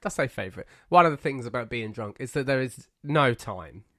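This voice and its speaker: Lively, bright-voiced man. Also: mid-range voice, dry recording, studio quality. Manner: joking, quick to tease and interject. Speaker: podcast co-host. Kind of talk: casual chat.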